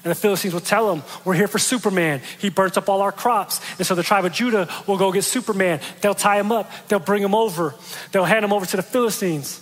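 Male preacher, high voice, animated storyteller who acts out the quotes; long hall reverb. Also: fast. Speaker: pastor. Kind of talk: sermon.

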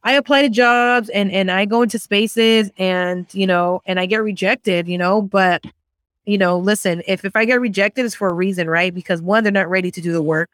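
Young woman, frank and lively storyteller, casual and profane, dry close recording. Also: medium pitch, moderate pace, clear, resonant tone, no echo. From Central American family background. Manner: animated, frank storyteller who swears freely. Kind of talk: casual chat.

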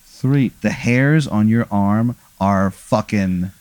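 Rambling deadpan male storyteller. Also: on the low side, normal speed, no room sound. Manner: rambling, filler-heavy, deadpan narration. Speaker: host posing a hypothetical. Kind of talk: improvised comedic storytelling.

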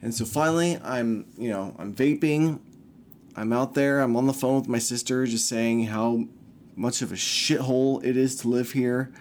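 A man's voice: medium pitch, moderate pace, a little mellow, a little hiss or hum. A young man telling a story in a casual, heated ramble, swearing constantly and griping about the people around him.

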